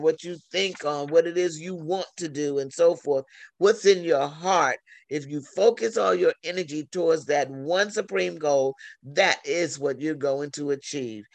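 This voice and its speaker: Man, preacher, gravelly voice, slightly high pitch, slow deliberate sermon. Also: no room sound. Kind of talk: sermon over a phone line.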